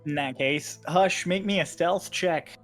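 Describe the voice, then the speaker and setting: A man running a tabletop game as game master, narrating in an animated way that is quick to laugh. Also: on the high side, faint music behind.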